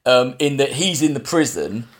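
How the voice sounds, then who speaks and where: A man's voice: mid-range voice, very animated, normal speed. Man, podcast host, rambly casual film recap. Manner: rambling plot recap with fillers and restarts. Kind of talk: casual film review chat.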